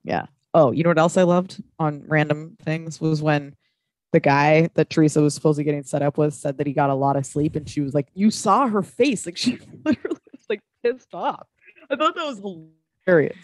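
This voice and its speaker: A woman in her thirties co-hosting a casual chat, blunt and quick to swear. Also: sits low, a little mellow, no echo. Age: 30s. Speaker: podcast co-host.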